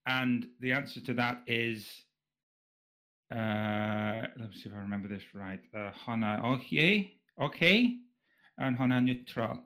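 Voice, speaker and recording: A man sits in as a guest on a loose podcast and keeps things dry. His pitch is mid-range and even. He drops wry asides without ever raising his voice. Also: unhurried. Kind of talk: casual podcast chat.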